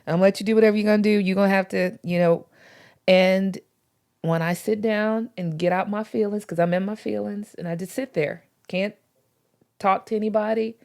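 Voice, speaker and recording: A woman's voice: medium pitch, steady tone, brisk, creaky, darkish tone. A woman talking earnestly about faith in a casual podcast chat, with informal slang. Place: podcast recording.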